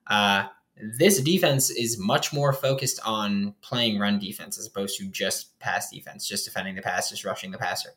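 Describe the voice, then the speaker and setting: A man's voice: on the low side, moderate pace, a bit bright. A young man hosting a casual sports show, breaking down his team's roster in a loose, rambling way with lots of fillers. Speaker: sports podcast host. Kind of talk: casual football analysis.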